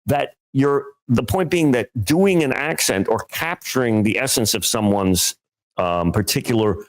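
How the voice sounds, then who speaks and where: A man co-hosting a comedy podcast, talking in a rambling, animated way and laughing often. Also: medium pitch, a little slow. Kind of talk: casual comedy podcast chat.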